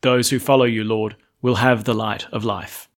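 A man's voice: fairly low pitch, level tone, moderate pace. A man, a priest reading the Gospel and then preaching a chatty, lightly humorous homily.

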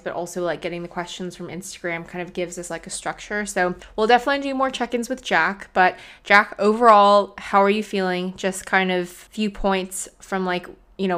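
A woman's voice: lowish voice, a bit bright. A young woman hosting a casual podcast, chatty and full of "like" fillers. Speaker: podcast host.

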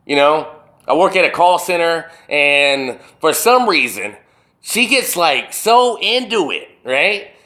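Animated ranting man, swearing freely. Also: a little high, slow. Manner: animated, swearing, rhetorical questions; burping. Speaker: ranting host. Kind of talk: profane solo rant.

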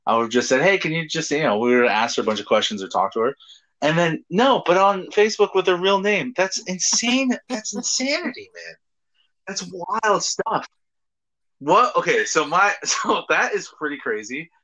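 A man's voice: fairly high pitch, normal speed. A man co-hosting a casual podcast, telling crude stories with lots of laughter and swearing. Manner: animated storytelling, laughs often, swears freely. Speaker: podcast co-host.

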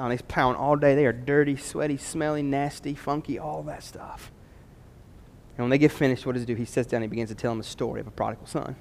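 A man's voice: mid-range voice, gravelly, a little mellow, slight background noise. A male pastor preaching a sermon in a church, earnest and conversational, often stumbling over his first words. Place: church sanctuary. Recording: echoey church hall.

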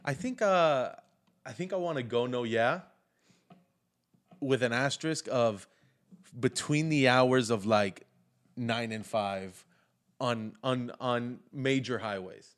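A man's voice: mid-range voice, slow, long pauses. A man co-hosting a podcast in casual chat, playful and laughing easily. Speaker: podcast co-host.

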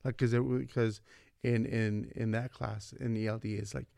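A man in his forties with a gravelly, middle-pitched voice, telling school stories in a lively way. He leans on "man" and "like" and acts out the people he quotes. The sound is dry and close. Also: normal speed, dry recording. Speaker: vice principal and former coach, podcast guest. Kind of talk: casual storytelling conversation.

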